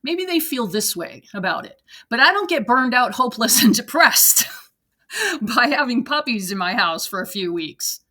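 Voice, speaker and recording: Blunt, bright-voiced Gen X woman. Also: fairly high pitch, very animated, moderate pace. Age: 40s to 50s. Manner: blunt, profane, laughing rants. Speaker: reaction video host. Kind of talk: reading and reacting to online posts. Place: at a desk at home.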